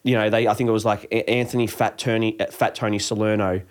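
A man's voice: fairly low pitch, flat delivery, quick pace. A man in casual film talk with a friend, swearing freely and acting out lines from the movie.

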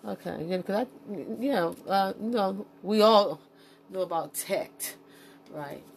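A woman's voice: medium pitch, measured pace, creaky, a little hiss or hum. A woman podcasting alone, talking off the cuff in a rambling, frank and profane way, with many fillers and restarts, stopping to check her notes. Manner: talks to herself while checking her notes. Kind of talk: unscripted solo podcast monologue.

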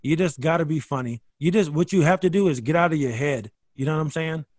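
A man with a fairly high voice tells comedy-club stories in a loose, animated way. He swears, trips over his restarts and keeps pushing forward. The sound is dry and close, with no room in it. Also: fast talker, no echo. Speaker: guest comedian. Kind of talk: casual podcast conversation.

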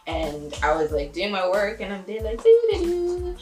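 A young woman recounts an anecdote at an ordinary pace, acting out every quote in exaggerated voices that leap up and down in pitch, with laughter throughout. The room is reverberant, with soft music underneath.

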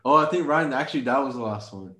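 A man's voice: mid-range voice, lively intonation, fast talker, roomy sound, a crowd in the background. A young man co-hosting a casual podcast, playful and asking questions. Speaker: podcast co-host. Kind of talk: casual chat.

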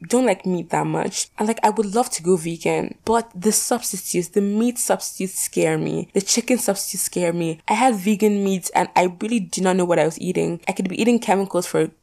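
A woman's voice: medium pitch, a little fast, gravelly, few pauses, mellow. A young woman vlogger chatting casually through poll questions, rambling with lots of fillers and casual swearing.

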